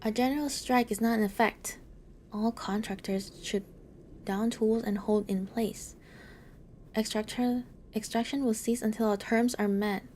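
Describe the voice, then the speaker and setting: A woman's voice: fairly high pitch, steady tone, a little slow, mellow, slight background noise, lightly acted. Kirk, a woman doing a firm strike leader. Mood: defiant. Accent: Mexican Spanish accent put on. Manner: firm, commanding speech. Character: defiant strike leader rallying miners. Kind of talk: reading game dialogue aloud.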